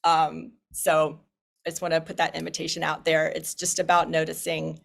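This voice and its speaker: A woman with a fairly low voice opens an online discussion group. She talks in a loose, relaxed way, with plenty of hesitations and restarts, and she is heard over a video call. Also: normal speed, vocal fry. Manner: relaxed, many fillers and restarts. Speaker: group facilitator. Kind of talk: welcoming group introduction.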